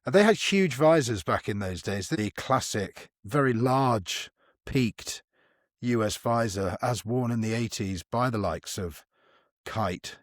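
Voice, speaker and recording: A man's voice: medium pitch, expressive, slow pace, no echo, clean studio sound. A man hosting a podcast, asking questions in a wry, playful, casual way. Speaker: podcast host. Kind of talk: casual chat.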